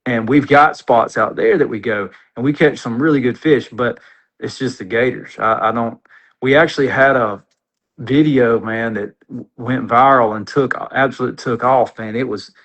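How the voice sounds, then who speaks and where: A man, a podcast guest telling an animated, rambling, folksy story in casual conversation. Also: mid-range voice, normal speed, poor audio.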